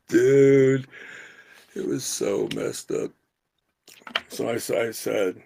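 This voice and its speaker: A middle-aged man co-hosting a podcast, telling a story in casual, animated chat and swearing freely. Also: medium pitch, very slow, pauses often, no room sound. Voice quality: gravelly, husky. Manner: animated, profane storyteller who yells quoted lines. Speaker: podcast co-host.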